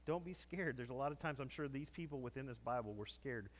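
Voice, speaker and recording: A man's voice: mid-range voice, animated, brisk, slight background noise. A man preaching a conversational sermon to a congregation, telling stories and acting out quotes. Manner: conversational storytelling, acts out quotes. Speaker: pastor.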